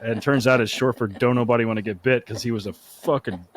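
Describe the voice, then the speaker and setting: A man's voice: mid-range voice, fairly even intonation, fast, a little hiss or hum. A man co-hosting a podcast, telling jokes and stories with plenty of swearing. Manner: joking, profane storyteller. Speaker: podcast co-host. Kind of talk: casual podcast chat.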